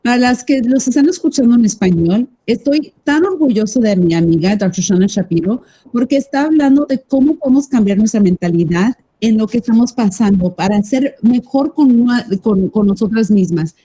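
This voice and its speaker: A woman's voice: a little high, animated, quick pace, warm tone, slightly rough, rough recording. A woman hosting an interview, talking in an effusive, rambling and enthusiastic way. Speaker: podcast host. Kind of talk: casual interview chat.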